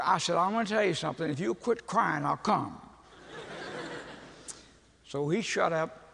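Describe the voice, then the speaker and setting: An older man, telling a humorous story in a folksy, animated sermon. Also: on the high side, a little slow, vocal fry, long pauses, slight background noise. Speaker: preacher. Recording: long reverb of a large hall.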